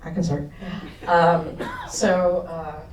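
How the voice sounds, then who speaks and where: A man's voice: a little high, level tone, slow pace. A man speaking as a panelist after a film screening, hesitant with many ums and a dry sense of humor. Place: cinema auditorium. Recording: echoey cinema, distant mic, noisy.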